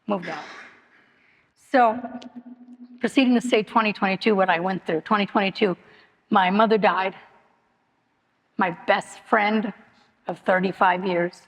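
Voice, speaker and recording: A middle-aged woman giving a personal testimony at a recovery meeting, telling her story in an earnest, repetitive, emotionally open way. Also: mid-range voice. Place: meeting hall. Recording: long hall reverb.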